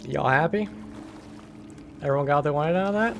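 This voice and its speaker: A man plays through a horror game on stream, half muttering to himself. His voice sits a little high, and he slips dry, sarcastic jabs at the game's design in among his notes. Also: animated, normal speed, fairly bright tone, soft background music. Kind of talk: casual let's-play commentary.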